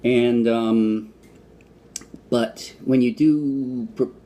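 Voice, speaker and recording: A man's voice: mid-range voice, steady tone, extremely slow, dark tone. A man from the United States giving a casual, rambling food review vlog, with fillers and restarts. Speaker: vlogger.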